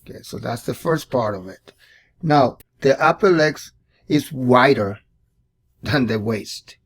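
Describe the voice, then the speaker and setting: A man's voice: medium pitch, animated, takes it slowly, a bit bright. A man hosting a casual drawing tutorial, thinking aloud and repeating words as he sketches. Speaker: art tutorial host.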